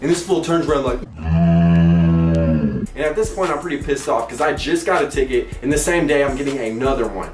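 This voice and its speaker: A young man hosting his own show, telling a funny personal story with animated, squeaky outbursts and playful voices. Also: fairly quick, pauses often, soft background music. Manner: animated, breaks into squeaky exclamations and mock singing. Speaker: comedic storyteller host. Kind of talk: comedic storytelling vlog. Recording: echoey room, mic at a distance.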